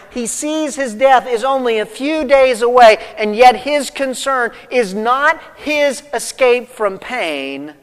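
In a church sanctuary, a male pastor preaches a sermon, reading scripture aloud and then working through it with rising intensity. His voice is high for a man and a bit bright, and his emphatic peaks ring out into a long hall reverb.

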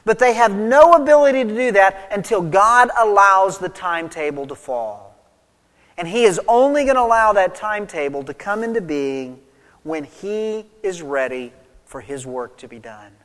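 A preacher giving an expository sermon, stressing points loudly and then dropping quiet. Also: medium pitch, expressive, normal speed. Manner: emphatic teaching, swinging between loud stresses and quiet drops. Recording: long reverb of a large hall.

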